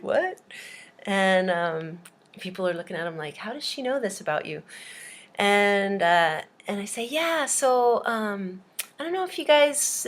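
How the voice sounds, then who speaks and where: A woman from Hawaii, a language teacher, telling a silly story for students in a chatty, animated way. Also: lowish voice.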